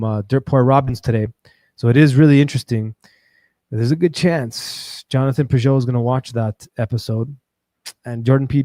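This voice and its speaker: A man hosting his own livestream, talking in a rambling, animated way, full of fillers and restarts. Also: medium pitch, dry recording, studio quality. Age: adult with a daughter. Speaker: livestream host. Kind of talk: casual livestream monologue.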